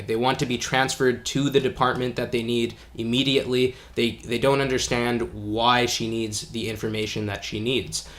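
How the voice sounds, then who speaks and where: A man's voice: medium pitch, a bit bright. A man teaching English in an online video lesson, talking in a casual, friendly, explaining way with some fillers.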